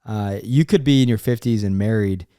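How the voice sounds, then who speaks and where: A man's voice: fairly low pitch, moderate pace, dark tone, smooth, dry recording, studio quality. A young man co-hosting a casual podcast, joking and asking playful questions, telling rambling stories. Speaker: podcast co-host.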